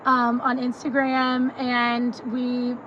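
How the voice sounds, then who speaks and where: A chatty young woman co-hosting a podcast, her voice sitting high. She talks loosely and laughs often. The outdoor recording is dull and lo-fi, with clear street and traffic noise behind her. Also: monotone, takes it slowly. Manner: chatty, laughs easily, Southern "y'all". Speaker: podcast co-host. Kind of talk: casual chat.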